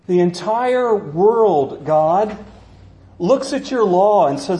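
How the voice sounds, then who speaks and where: A man's voice: sits high, expressive, slow pace, dark tone. A man preaching a sermon in a church, impassioned and dramatic, acting out the voices he quotes. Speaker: pastor.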